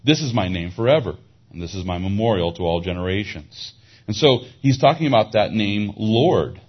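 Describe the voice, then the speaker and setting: A low, husky male voice preaching a sermon, working through scripture and Hebrew words in a teaching manner. The recording is dull and lo-fi. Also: animated, normal speed. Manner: expository Bible teaching, explaining Hebrew words; rises in pitch and volume for emphasis. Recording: dull lo-fi sound.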